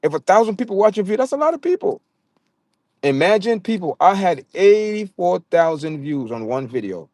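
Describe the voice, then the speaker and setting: A man's voice: high-pitched, very animated, a little fast, a little mellow, dry recording, studio quality. A man with a Jamaican accent hosting a casual livestream, talking straight to his chat viewers and often stammering and repeating words. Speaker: livestream host.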